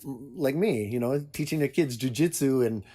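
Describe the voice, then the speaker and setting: A man's voice: medium pitch, normal speed, dark tone. An older man hosting a podcast, chatting casually and animatedly, laughing often and acting out quotes. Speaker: podcast host. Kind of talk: casual chat.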